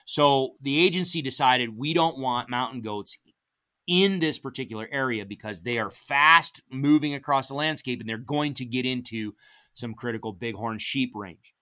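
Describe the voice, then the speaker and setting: A middle-aged man, guesting on a podcast, tells hunting stories at a moderate pace in a casual, animated style. When he quotes dialogue he acts it out, his pitch leaping widely.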